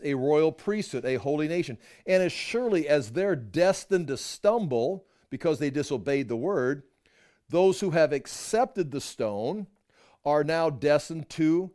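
Middle-aged male Bible teacher, slightly high pitch, reads scripture and comments between verses. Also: a little mellow.

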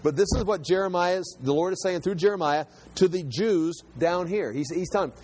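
A man's voice: sits high, brisk, darkish tone. A middle-aged man giving a sermon in a conversational way, restarting and repeating words as he explains. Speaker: Bible teacher.

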